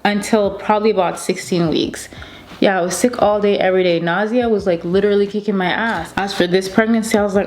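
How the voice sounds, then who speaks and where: A woman's voice: mid-range voice, steady tone, brisk, a little mellow. A woman in her thirties chatting casually to camera as a beauty vlogger, telling a story with lots of repeated emphasis. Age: 30s.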